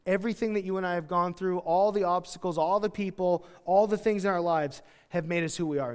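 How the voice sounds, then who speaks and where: A man preaching a sermon as pastor, chatty and self-deprecating, with quick acted-out quotes. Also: high-pitched, clear, resonant tone, long reverb tail. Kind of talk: verse-by-verse sermon. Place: church sanctuary.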